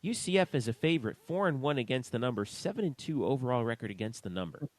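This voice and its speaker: A man's voice: mid-range voice, animated, dry recording. Man with a dry, close sound, reading stats. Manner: reads out stats in a slow, measured way. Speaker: podcast co-host. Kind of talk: sports talk podcast.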